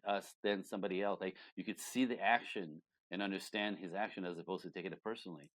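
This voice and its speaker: A man, a relationship coach, talking as a guest in an interview with emphatic, animated delivery. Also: lowish voice, fast talker, hardly any pauses. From Canada. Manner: animated, emphatic, acts out quoted voices. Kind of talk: conversational interview.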